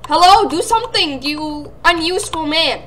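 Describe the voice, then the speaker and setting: A young woman giving excitable gameplay commentary, often squealing and laughing as she plays. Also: high voice, moderate pace, slight background noise. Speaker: gaming channel host.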